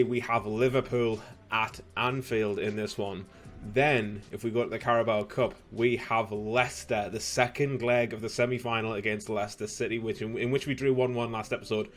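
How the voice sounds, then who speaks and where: A young man commentating his own football video game, slightly hoarse, bursting into shouts and laughter at goals. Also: medium pitch. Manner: excitable, shouts at goals, casual swearing. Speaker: gaming youtuber.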